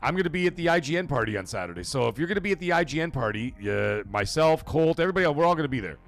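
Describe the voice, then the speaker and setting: A gravelly-voiced man chats on his live stream, and his pitch swings widely as he tells stories. He rambles and swears freely, talking straight to viewers. Faint music plays behind him. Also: rapid-fire. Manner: profane, rambling, animated storyteller. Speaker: livestream host. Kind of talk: casual live-stream chat reading viewer comments.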